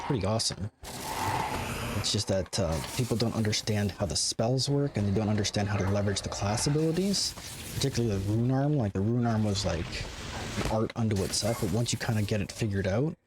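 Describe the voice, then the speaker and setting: A man's voice: fairly low pitch, background noise. A man streaming a game, giving casual, rambling commentary full of asides to his chat.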